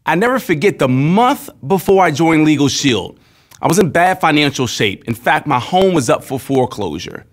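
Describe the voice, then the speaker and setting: A man's voice: on the high side, big pitch swings, moderate pace. A man in his thirties speaking as a company spokesman, telling personal stories in an earnest, conversational way for a promotional video. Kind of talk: promotional testimonial talk.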